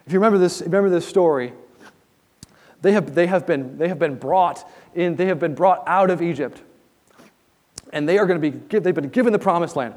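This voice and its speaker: A man's voice: a little high, normal speed, darkish tone. A man preaching an expository sermon as a pastor, talking in an earnest, conversational way that often restarts mid-sentence. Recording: long reverb in a large hall.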